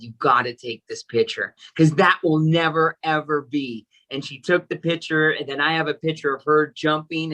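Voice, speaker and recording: A man, an entertainment coordinator, chatting as a guest in a casual interview and telling stories with excited, gushing energy. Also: on the high side, poor audio.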